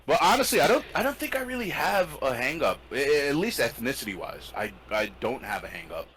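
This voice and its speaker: A man chatting casually as a podcast co-host, joking and swearing through lively stories. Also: medium pitch, fairly quick, a little hiss or hum, rough recording. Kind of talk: casual chat.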